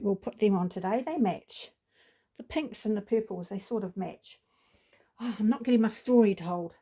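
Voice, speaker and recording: Woman vlogger, warm mellow tone, rambling chatty storytelling, middle pitch. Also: animated, moderate pace, breathy edge. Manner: chatty, lots of ums and asides. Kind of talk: casual storytelling.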